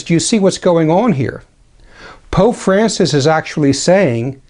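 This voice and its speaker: A man giving a spoken religious commentary, deliberate and dryly critical, with ironic asides and slow, careful reading of quotations. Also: fairly high pitch, darkish tone. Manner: deliberate, slows for quoted passages. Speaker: traditionalist Catholic commentator.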